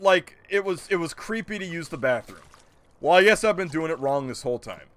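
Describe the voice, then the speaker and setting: A man's voice: fairly high pitch, lively intonation, fairly quick, a bit bright. A man streaming a game, chatting casually and ranting in disbelief as he answers his chat. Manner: incredulous, joking rants, answers chat. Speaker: gaming streamer.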